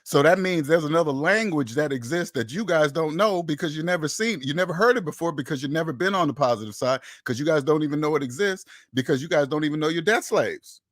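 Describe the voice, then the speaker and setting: A man's voice: a little high, animated, quick pace, hardly any pauses, fairly bright tone, no room sound, studio quality. A man hosting a personal finance channel, delivering an emphatic, preachy monologue that repeats phrases and acts out imagined back-and-forth dialogues. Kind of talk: opinionated monologue to camera.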